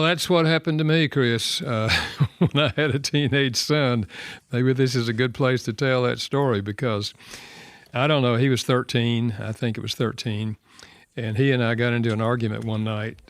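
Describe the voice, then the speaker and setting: Older Southern man, radio host, gravelly, earnest storyteller, dry studio mic. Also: mid-range voice, fairly even intonation, moderate pace, no room sound. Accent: American Southern. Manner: earnest, reflective, softening to quiet. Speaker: radio show host and author.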